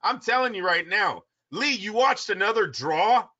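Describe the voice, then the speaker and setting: Excitable, scolding male co-host, sharp tense voice, muffled lo-fi audio. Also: high voice, normal speed. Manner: excitable and scolding, laughs often. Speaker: boxing podcast co-host. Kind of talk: casual chat. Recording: dull lo-fi audio.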